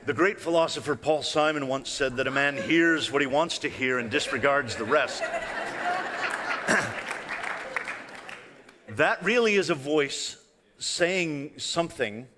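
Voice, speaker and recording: Male illusionist presenter, bright tone, chatty and playful with a live crowd, big reverberant hall. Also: fairly high pitch, measured pace, pauses often. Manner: conversational, playful, asks the audience questions. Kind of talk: live stage talk with demonstrations. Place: large hall with live audience.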